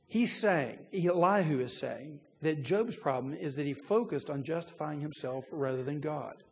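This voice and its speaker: A man preaching a sermon in a loose, conversational teaching manner, with frequent fillers and restarts and a voice that rises when he gets animated. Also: on the high side, long reverb tail.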